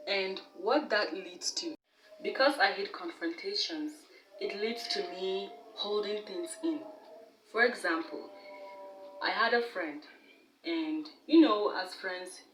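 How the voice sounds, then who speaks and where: Young woman vlogger, fairly low voice, candid and animated, slightly distant mic in an echoey room. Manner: candid, animated, laughs at herself. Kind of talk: casual talk to camera.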